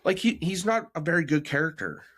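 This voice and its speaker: A man co-hosting a podcast in casual chat, talking bluntly with mocking, animated rants. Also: on the high side, brisk. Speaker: podcast co-host.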